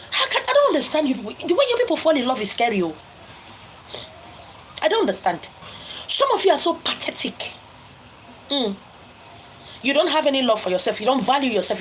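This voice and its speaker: A woman's voice: sits high, slight background noise, rough recording. A woman giving relationship advice in a scolding, emphatic lecture full of rhetorical questions. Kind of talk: preachy lecture to listeners.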